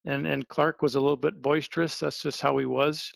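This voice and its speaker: A middle-aged man from Wisconsin, an interview guest, talking in a relaxed, rambling way with many fillers. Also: on the high side, brisk, creaky, no room sound. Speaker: interview guest, sign painter. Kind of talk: casual phone-style interview.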